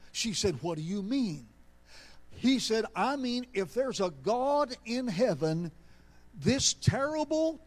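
A man preaching a sermon, telling a story with slow, emphatic delivery that rises into bursts. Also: high voice, darkish tone.

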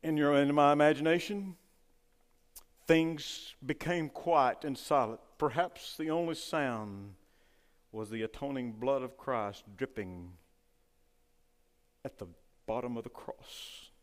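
A man preaching a sermon with fervor, rising loud and dropping to a hush. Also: mid-range voice, slow pace, pauses often. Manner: fervent preaching, swings between loud and hushed. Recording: long hall reverb.

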